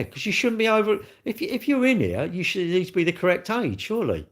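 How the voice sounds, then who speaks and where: A man's voice: high voice, very animated, fast talker, few pauses. A man, chatting casually to viewers as a livestream host, rambling and repeating himself in a blunt, chatty way. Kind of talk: casual chat to live viewers.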